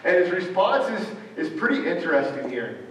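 A man preaching a sermon, halting, with frequent fillers and restarts. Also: high voice, very animated, a bit bright. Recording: echoey hall from far off, faint ambient noise.

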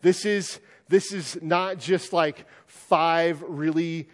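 A man's voice: on the high side, fairly even intonation, takes it slowly. A man preaching a sermon in a plain, conversational way, with many fillers and restarts. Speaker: pastor. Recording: long reverb of a hall.

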